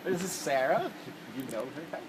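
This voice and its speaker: A man's voice: on the high side, sing-song, normal speed. A middle-aged bandleader, chatting casually and laughing often as he greets his band on a concert stage before sound check. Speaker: bandleader and musician. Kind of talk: casual backstage video chat. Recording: loud background noise on stage.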